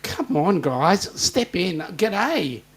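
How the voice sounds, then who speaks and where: A joking Australian host chats through a livestream and calls out viewers by name. His voice sits a little higher than most men's. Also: very animated, very slow, gravelly, slightly rough. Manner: jokey, greets chat viewers by name. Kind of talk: casual livestream chat.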